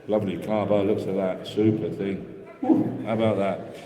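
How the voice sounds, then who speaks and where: A man calling a live auction, rattling off bids in quick rhythmic runs and chatting between lots. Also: fairly low pitch, fairly even intonation, mellow. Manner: rapid rhythmic bid calling with chatty asides. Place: auction hall. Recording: echoey hall with long reverb.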